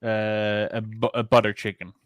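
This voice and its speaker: A man's voice: on the low side, flat delivery, moderate pace, no room sound. A man with a Danish accent, a podcast co-host chatting casually in a rambling, chatty way with casual swearing. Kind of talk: casual chat.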